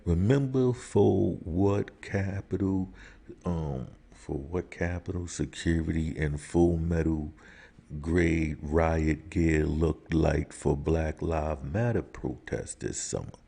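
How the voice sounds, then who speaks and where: Deep gravelly man ranting. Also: slow, dark tone. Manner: emphatic, rhetorical questions; rises to heated outbursts. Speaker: commentator. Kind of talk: opinion monologue.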